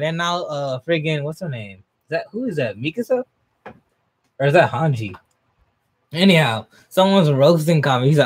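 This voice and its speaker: A man's voice: moderate pace, breathy edge. A young man live-streaming a manga reaction, reading aloud, laughing often and talking to his chat. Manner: excitable, laughs often, jumps up in pitch when hyped.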